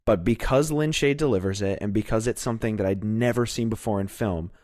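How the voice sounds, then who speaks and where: A man's voice: fairly low pitch, a little fast, a little mellow, dry recording, studio quality. A man co-hosting a podcast, talking eagerly about horror films and swearing casually. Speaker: podcast co-host. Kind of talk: casual film discussion.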